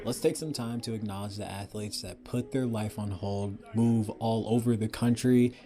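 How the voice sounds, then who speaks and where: Earnest news narrator over music. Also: male voice, lowish voice, fairly even intonation, normal speed. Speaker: news reporter.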